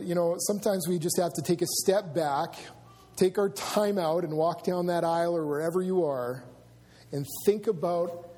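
High-voiced preacher in a reverberant church. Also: male voice, darkish tone. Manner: conversational preaching with asides to the congregation. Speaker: pastor. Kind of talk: sermon. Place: church sanctuary.

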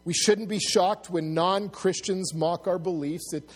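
A man's voice: fairly even intonation, a little slow. A man preaching a sermon to his congregation, earnest and plain-spoken, often restarting his sentences. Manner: earnest, restarts often, rises loud and high when acting out mockers. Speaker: pastor.

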